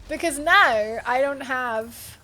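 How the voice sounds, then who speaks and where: Girl streaming a game, high voice, chatty, laughs a lot, faint music behind. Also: bright, forceful tone. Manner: chatty, thinks aloud, laughs and gasps often. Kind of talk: live gameplay commentary chatting with viewers.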